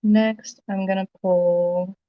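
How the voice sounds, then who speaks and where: Chatty woman, smooth dull dry voice. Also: mid-range voice, fairly even intonation, slow pace, dry recording. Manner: chatty, many ums, thanks viewers by name. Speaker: live-sale jewelry seller. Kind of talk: casual livestream selling.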